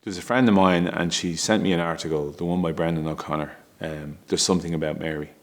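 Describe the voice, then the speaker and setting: Speaking quickly in a steady tone, a middle-aged father with a very deep, low voice shares a personal story about his family. He's candid and emotional, frequently stumbling, restarting sentences, and letting out small laughs.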